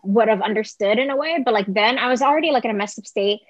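A young woman telling a personal story in casual conversation, talking fast and filling her speech with "like". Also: a little high, no room sound. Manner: chatty, heavy use of "like", quick quoted asides. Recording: slightly dull close dry recording.

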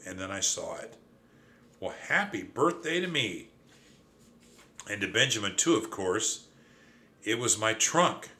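Bright-voiced man narrating a children's story. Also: lowish voice. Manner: lively, dramatic first-person telling. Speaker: audiobook narrator.

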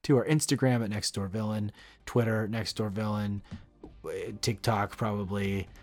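Relaxed man co-hosting a podcast, dry sound. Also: on the low side, moderate pace, dry recording, faint music behind. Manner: relaxed, hesitant, with frequent restarts. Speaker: podcast co-host. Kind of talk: casual podcast chat.

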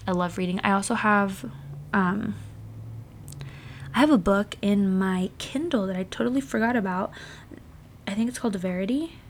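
A woman's voice: medium pitch, normal speed, pauses often, slight background noise. Chatty young woman vlogging casually. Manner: chatty, bubbly, rambling with many fillers. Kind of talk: casual chat to camera.

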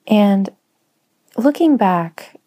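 A woman who writes and teaches writing, speaking slowly in a soft, reflective personal monologue with frequent pauses. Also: medium pitch, expressive. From Spanish-speaking home. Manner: slow, soft-spoken, pausing often.

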